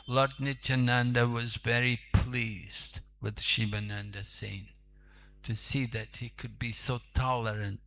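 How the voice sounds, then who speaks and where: A man's voice: medium pitch, sharp tone. A man, a monk preacher, telling a sacred story in a conversational sermon with asides.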